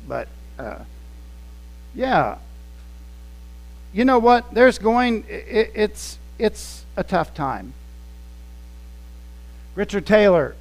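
High-voiced pastor telling a story. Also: male voice, very animated, slow pace, pauses often, rough recording. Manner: conversational, anecdotal, acting out scenes. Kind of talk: storytelling sermon.

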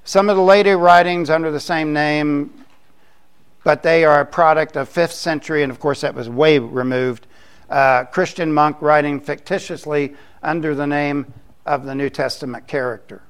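Older pastor preaching, chatty, cracks little jokes, voice a bit on the high side. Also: male voice, fairly even intonation, moderate pace, smooth. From Florida, US. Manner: conversational preaching with joking asides. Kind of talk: sermon.

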